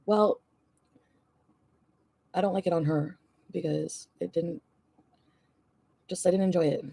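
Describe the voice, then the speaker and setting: A woman's voice: lowish voice, takes it slowly, creaky, mellow, breathy edge, dry recording. A woman vlogger venting and ranting, swearing often and rambling. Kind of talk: ranting vlog.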